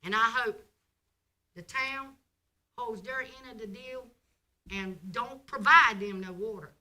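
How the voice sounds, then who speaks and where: A woman delivers an indignant public comment at a school board meeting. Her voice is very bright and sharp, pitched slightly high, and her tone is scolding. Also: slow.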